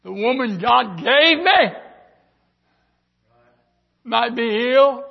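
An older man from the American South preaching a sermon, moving from quiet storytelling to fervent shouting. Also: very high-pitched, animated, drawn-out words, vocal fry, muffled recording.

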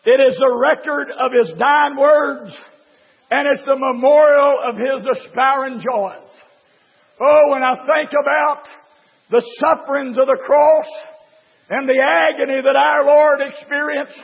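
A man preaching a fiery sermon, shouting in a chanting cadence, with a gravelly voice, recorded in a church. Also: very high-pitched, unhurried, pauses often. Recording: tinny phone-like recording in a reverberant hall.

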